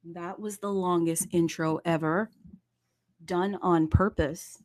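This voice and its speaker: A woman hosts a casual online show, chatty and playful, tossing off asides in a fairly low voice. The sound is dry and close, with no room around it. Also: steady tone, normal speed, a little mellow, no echo. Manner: playful, chatty, singsong greetings. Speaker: host. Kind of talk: casual crypto show hosting.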